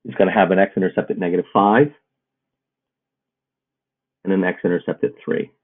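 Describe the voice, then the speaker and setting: Low husky male math teacher, tinny. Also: normal speed. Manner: steady, step-by-step explaining. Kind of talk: recorded math lesson. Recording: muffled phone-like audio.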